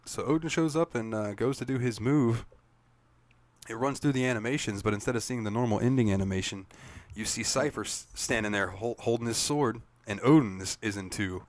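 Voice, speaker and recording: A man's voice: medium pitch, fairly quick, no room sound. A man co-hosting a gaming podcast, recapping game scenes in casual, profane chat and laughing often. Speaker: podcast co-host.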